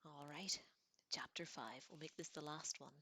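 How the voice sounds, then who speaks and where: A woman giving a soft, half-whispered reading of a novel in a low-key way, with small slips. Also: normal speed, breathy edge, dry recording. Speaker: audiobook reader.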